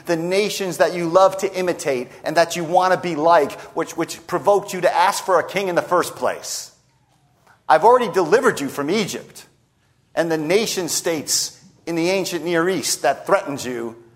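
A man preaching a sermon, retelling a scripture story and voicing the people in it. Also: on the high side. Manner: lively storytelling preacher, voicing quoted speakers. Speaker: pastor.

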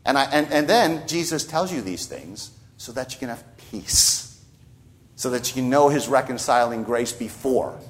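Lively, animated male preacher. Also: medium pitch, moderate pace. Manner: conversational preaching with frequent "right?" asides. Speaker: pastor. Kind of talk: sermon.

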